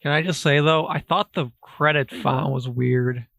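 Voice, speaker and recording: A man on a casual film podcast, giving blunt, laid-back takes with casual swearing. His fairly high voice has a gravelly edge, and it is recorded dry with no room echo. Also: steady tone, a little slow, a bit bright. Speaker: podcast co-host. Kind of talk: casual film review chat.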